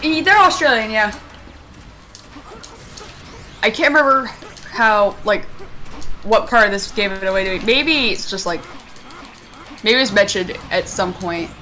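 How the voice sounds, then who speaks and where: A woman's voice: medium pitch, animated, normal speed, bright, forceful tone. A young woman from Maine chatting casually and swearing freely while streaming a game. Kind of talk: casual chat while gaming. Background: game music.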